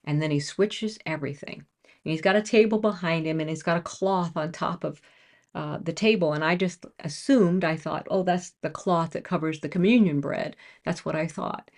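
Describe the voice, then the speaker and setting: A woman telling a personal faith testimony to her own camera, emotional and storytelling, growing excited as she goes. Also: low-pitched, normal speed. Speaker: Christian speaker sharing a testimony.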